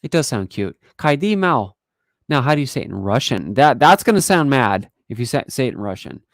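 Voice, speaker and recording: A woman with a low voice and a lively, bouncing delivery hosts a casual live stream chat. She chats, laughs and reads out translations. The sound is dry and close. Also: fairly quick, dry recording.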